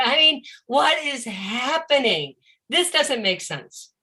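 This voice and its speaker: A woman teaching a live-streamed presentation on reading for deaf children, animated and often acting out a confused child's voice. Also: high voice, unhurried. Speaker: educator of deaf students.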